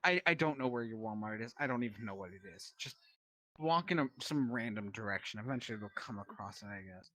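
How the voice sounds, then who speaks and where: A man's voice: fairly low pitch, expressive, fast talker, bright, forceful tone, dry recording. A man voicing a grumpy male space being in a fan animation, exasperated and dismissive. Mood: annoyed.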